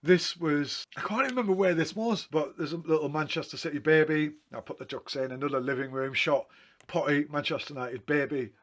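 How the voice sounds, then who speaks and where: A man's voice: fairly high pitch, fairly quick. Chatty man rambling through photo stories. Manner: rambling, self-correcting, chatty. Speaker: photographer talking through his photo book. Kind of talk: casual anecdotal storytelling.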